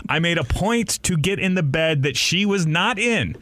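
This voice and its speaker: A man's voice: high voice, moderate pace, no room sound. A young man, a radio host, telling a story on a casual podcast, laughing often and acting out the people in it. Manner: laughing often, animated retelling with voices.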